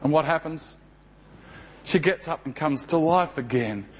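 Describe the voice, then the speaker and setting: A male pastor with a high voice delivers a sermon at an unhurried pace. He tells the story vividly and keeps checking in with his listeners through rhetorical questions. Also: animated, fairly bright tone, slightly rough.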